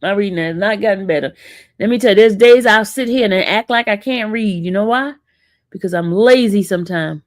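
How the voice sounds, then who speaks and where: A woman's voice: medium pitch, fairly quick, dry recording, clean studio sound. A woman with an East Coast American accent hosting a casual livestream, teasing and sassing her chat. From northern US. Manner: sassy, teasing, talks back to chat. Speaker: livestream host.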